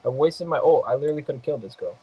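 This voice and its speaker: A man's voice: a little high, expressive, rapid-fire, dark tone, husky, low-quality recording. A man casually talking through his own mobile game match as he plays, reacting to each move. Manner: talks to himself while playing, reacting to the match. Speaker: gaming podcaster. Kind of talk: casual live gameplay commentary.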